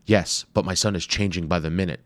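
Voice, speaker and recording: A man's voice: low-pitched, fairly even intonation, fairly quick, dry recording, close to an everyday voice. A man voicing an eager, confident male archaeologist with ninja training who teases his friend, in a storybook reading. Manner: upbeat, teasing and confident.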